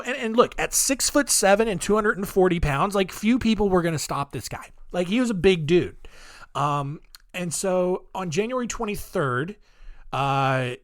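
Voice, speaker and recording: A podcast host casually telling true-crime stories, rambling with filler words and jokey asides. His voice sits a bit high for a man and swings lively up and down. The sound is dry and close. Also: no room sound.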